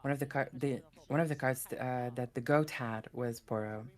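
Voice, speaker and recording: A woman's voice: a bass voice, moderate pace, faint music behind. A woman commentating live on a card game tournament, talking in a hesitant, filler-heavy way.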